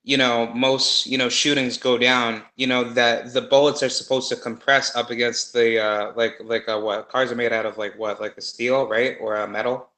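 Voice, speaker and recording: A man in casual conversation, rambling and animated with many fillers and restarts. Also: medium pitch, normal speed, few pauses, reverberant, poor audio. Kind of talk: casual conspiracy chat.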